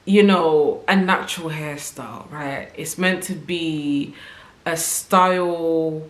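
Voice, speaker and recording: A woman's voice: sits low, slow pace, roomy sound. A woman vlogger talking casually to camera, reflective and conversational, often checking in with the listener as she thinks aloud. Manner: reflective, conversational, often tags "right?" and "you know". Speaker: vlogger sharing opinions.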